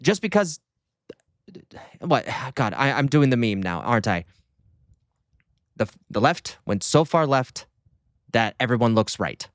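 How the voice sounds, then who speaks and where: A man streaming casual reaction commentary, talking in an animated, sarcastic and mocking way. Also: mid-range voice, measured pace, long pauses, no echo, clean studio sound.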